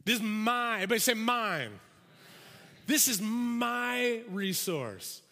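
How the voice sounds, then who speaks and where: A man with a high, bright voice preaches slowly to his congregation, acting out the voices of the people in his story. His words ring through the long reverb of a large church sanctuary. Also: creaky. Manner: animated storytelling, acts out characters' voices. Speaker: pastor. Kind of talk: sermon.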